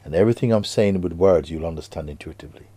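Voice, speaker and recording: A man giving a spiritual talk to students, slow and hushed with sudden emphatic rises, and slightly non-native grammar. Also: deep voice, a little hiss or hum. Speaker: spiritual teacher.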